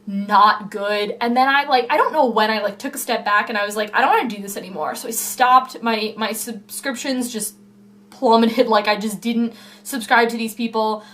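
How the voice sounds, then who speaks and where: A woman's voice: a little high, moderate pace, a bit bright. A young woman chatting casually to camera at home in a vlog, rambling and full of fillers. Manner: rambling, filler-heavy, self-interrupting. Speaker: YouTuber. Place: home room.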